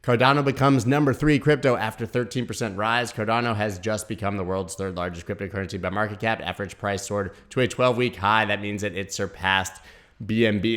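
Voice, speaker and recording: A man hosting a crypto news show, giving brisk, opinionated market commentary straight to his viewers. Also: lowish voice, fairly bright tone.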